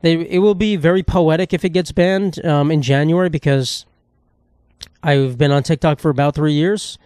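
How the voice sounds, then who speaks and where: A young man in his twenties rants through a solo comedy podcast. He is profane and rambling, and keeps jumping into silly put-on voices. His voice is a little high and sounds close and dry. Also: normal speed, darkish tone, smooth, no echo. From United States. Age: 20s. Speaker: podcast host.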